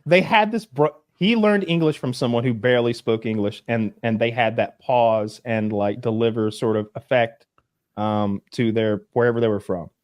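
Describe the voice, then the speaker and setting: Podcast co-host, male, thirties, rambling delivery, mid pitch, dead dry studio sound. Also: normal speed, dry recording. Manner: rambling, with stumbling restarts. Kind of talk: casual podcast banter.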